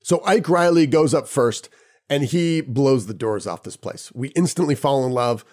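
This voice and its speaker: A podcast host telling a personal anecdote in a lively, casual way, chuckling now and then. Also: male voice, medium pitch, normal speed. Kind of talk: personal storytelling.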